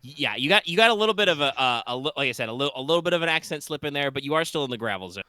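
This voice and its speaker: A man's voice: a little high, lively intonation, rapid-fire, sharp tone, dry recording. A man playing a tabletop game, describing scenes in a rambling, filler-heavy way. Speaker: player. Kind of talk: casual tabletop play.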